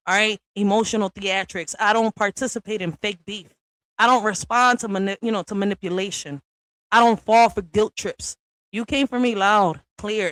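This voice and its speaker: A woman giving a blunt, profane response rant to another creator, often tagging lines with "all right?" and swinging from low and quiet to loud and high. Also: no room sound, poor audio.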